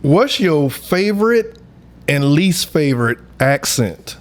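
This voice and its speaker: A young adult man co-hosting a podcast in casual, joking banter, animated and repeating phrases for laughs. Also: on the high side, slow pace. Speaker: podcast co-host.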